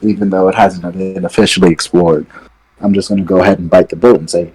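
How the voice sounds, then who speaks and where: A man co-hosting a casual wrestling podcast, relaxed and opinionated, sitting some way back from his microphone. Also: sits low, fast, husky, rough recording. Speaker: podcast co-host. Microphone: sitting far from his mic.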